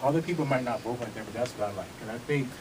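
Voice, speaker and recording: A man's voice: mid-range voice, very fast, background noise. A man teaching a vogue dance class, talking casually and a little out of breath, checking in with his students as he demonstrates. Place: dance studio with music playing. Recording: music playing behind.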